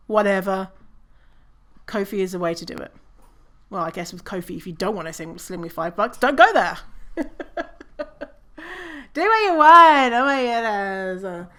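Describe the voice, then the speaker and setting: A woman's voice: mid-range voice, fairly bright tone. A woman hosting her own podcast, talking casually on her own, swearing and laughing at herself. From British Columbia, Canada. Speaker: podcast host. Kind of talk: casual solo podcast talk.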